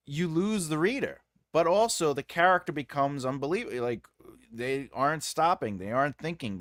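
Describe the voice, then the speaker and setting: Animated man giving writing advice. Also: medium pitch, dry recording, clean studio sound. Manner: animated, jokey, trails off into mumbles. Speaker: writing coach and livestream host. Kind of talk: casual livestream teaching on writing.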